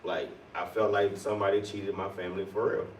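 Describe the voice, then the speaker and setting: A man's voice: low voice, a little fast. A man on a convention panel telling a story with slang and lots of laughter. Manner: lively, laughing, uses slang. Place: convention hall. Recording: echoey hall, distant mic, audible noise.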